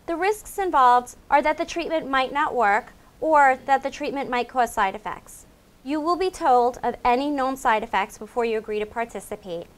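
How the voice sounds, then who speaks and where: A woman with a slightly high voice reads a scripted explainer. Her delivery is clear and measured, in the even manner of a clinic staff member walking patients through the steps. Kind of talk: scripted informational narration.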